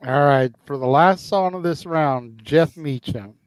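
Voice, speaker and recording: A man's voice: a little high, slow, vocal fry, a little hiss or hum. A man hosting a karaoke round and introducing singers with blunt, profane banter. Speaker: karaoke host. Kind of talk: casual chat.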